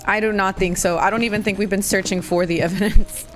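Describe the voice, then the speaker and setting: A woman's voice: medium pitch, fairly even intonation, quick pace, music in the background. A woman gaming streamer chatting casually with friends during a spooky multiplayer game, playful, giggly and easily spooked. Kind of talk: casual gameplay chat.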